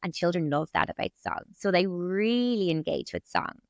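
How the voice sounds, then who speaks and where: A woman's voice: on the low side, huge pitch swings, moderate pace, dry recording, studio quality. A young adult woman, a speech therapist guest on a podcast, explaining in a chatty, reassuring way with lots of "you know" fillers.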